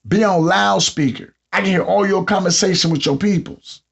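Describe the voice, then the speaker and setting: A man with a Southern US accent hosting a podcast, telling comedic stories about his job and mimicking customers in an animated way. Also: high voice, normal speed, vocal fry, husky. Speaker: podcast host. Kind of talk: comedic monologue. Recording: dull lo-fi sound.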